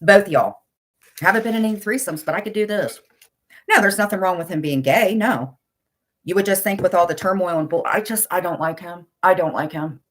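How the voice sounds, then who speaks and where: Blunt ranting woman, low voice. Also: a little fast. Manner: blunt, insulting, exasperated. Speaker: livestream commentator. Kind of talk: ranting casual chat.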